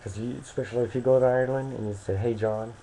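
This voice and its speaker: A man's voice: mid-range voice, steady tone, rapid-fire, dark tone, a little hiss or hum, low-quality recording. A young American man talking casually into a webcam, rambling and hesitant with many restarts. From United States.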